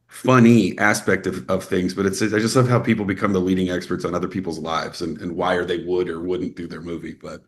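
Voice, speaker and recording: Lively storytelling man from Texas, low voice. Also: fairly quick. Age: young adult. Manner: animated storyteller, acts out quotes with rising pitch. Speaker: actor and guest. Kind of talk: casual interview chat.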